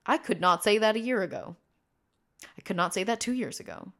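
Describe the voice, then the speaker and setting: A young trans man in his early twenties hosting a personal podcast, talking in a rambling way, with many fillers, restarts and tangents. He speaks in a fairly high voice he has trained himself to use. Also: fairly quick, creaky, fairly bright tone. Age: early 20s. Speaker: podcast host.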